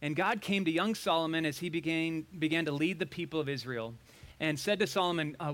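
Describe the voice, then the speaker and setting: A man's voice: a little high, fast talker, fairly bright tone. Man preaching a casual sermon. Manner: conversational, asks the congregation questions, dry sarcasm. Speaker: pastor.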